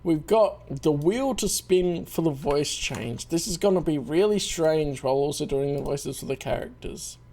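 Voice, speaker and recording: A man's voice: on the high side, normal speed, hardly any pauses, mellow. A man casually chatting while he plays through a game on stream, laughing often and restarting his sentences as he talks. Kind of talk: casual let's-play chat.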